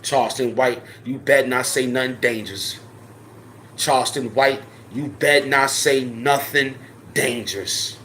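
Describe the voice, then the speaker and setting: A man hosting his own channel, delivering a profane, confrontational rant straight to the camera. He repeats his dares over and over, dropping to a low mutter and then climbing to loud challenges. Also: unhurried, slight background noise. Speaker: channel host.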